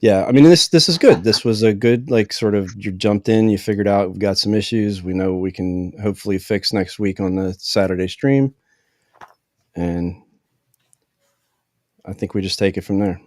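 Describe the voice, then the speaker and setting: A man's voice: fairly low pitch, moderate pace, darkish tone. A man co-hosting a casual podcast who reassures a guest and often restarts his sentences. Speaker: podcast co-host. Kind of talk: casual chat.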